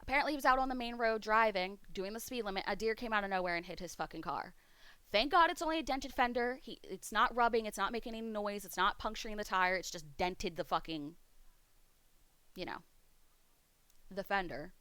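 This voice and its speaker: A woman's voice: medium pitch, expressive, fairly quick, fairly bright tone, smooth, no echo. A woman streamer chatting casually, swearing freely as she rants. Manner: profane, ranting. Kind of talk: casual chat. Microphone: streaming mic.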